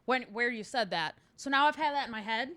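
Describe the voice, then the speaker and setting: A woman's voice: a little high, animated, brisk, pushed and bright, clear, resonant tone, no room sound. A woman co-hosting a podcast, chatting casually with lots of filler words. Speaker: podcast co-host. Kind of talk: casual chat.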